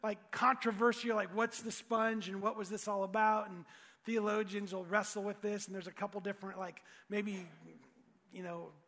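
High, bright-voiced male preacher in a big hall. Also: little pitch movement, normal speed. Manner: storytelling, swings from hushed to shouting. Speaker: pastor. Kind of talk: sermon.

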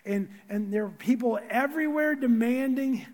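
High-voiced pastor preaching in a reverberant church. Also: male voice, moderate pace. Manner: animated storyteller, many restarts and asides. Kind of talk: sermon. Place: church auditorium.

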